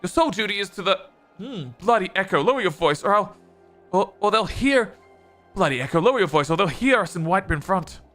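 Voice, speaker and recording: A man's voice: high-pitched, expressive, brisk, a bit bright, faint music behind. A man voicing an impatient, threatening male conspirator who scolds his contact in a game. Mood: stern.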